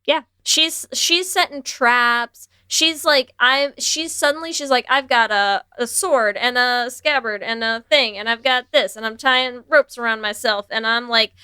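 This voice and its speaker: Bright, clear-voiced woman podcast host. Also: on the high side, unhurried, hardly any pauses, dry recording, studio quality. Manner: animated, swears freely, acts out characters' lines. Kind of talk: casual chat recapping a movie.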